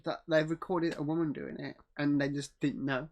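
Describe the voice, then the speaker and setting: A man's voice: a little high, steady tone, normal speed. A man co-hosting a podcast, adding short agreements and comments in a casual film chat. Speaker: podcast co-host. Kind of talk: casual movie review chat.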